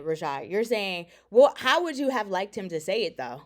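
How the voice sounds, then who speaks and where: A woman hosting a casual talk radio show, animated and sassy, laughing often as she chats with listeners. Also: medium pitch, normal speed. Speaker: radio and stream host.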